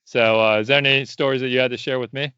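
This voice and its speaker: A man's voice: mid-range voice, steady tone, quick pace, sharp tone, clean tone, no room sound, muffled recording. A man hosting a podcast, introducing and chatting with a guest in a friendly, loose way. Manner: friendly, lots of fillers and restarts. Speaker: podcast host. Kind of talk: casual interview.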